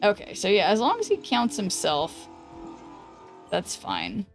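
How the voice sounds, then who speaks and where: Woman, streamer, unhurried, thinking aloud, slightly hoarse, faint music behind. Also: medium pitch, wildly swooping pitch. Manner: chatty, thinking aloud, greets viewers. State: losing her voice. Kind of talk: casual gameplay commentary.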